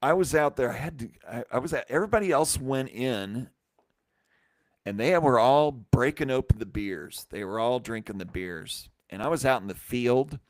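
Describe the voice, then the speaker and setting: A man hosting a live stream, telling a rambling, animated anecdote full of restarts and acted-out quotes. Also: mid-range voice, moderate pace, no echo, clean studio sound. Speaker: brewery company host. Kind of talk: casual storytelling on a live stream.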